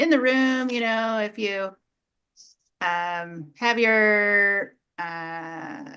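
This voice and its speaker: A woman hosting an online comedy show, doing a deadpan stand-up set full of fillers and restarts. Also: medium pitch, clear, resonant tone, lo-fi sound. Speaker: comedy host. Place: video call.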